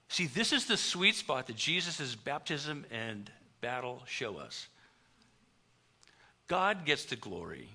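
A middle-aged male pastor preaching a storytelling sermon, animated, acting out the dialogue he quotes. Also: mid-range voice, slow pace, breathy edge.

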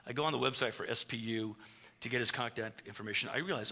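A middle-aged male pastor preaching a storytelling sermon, animated, acting out the dialogue he quotes. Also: mid-range voice, fast talker.

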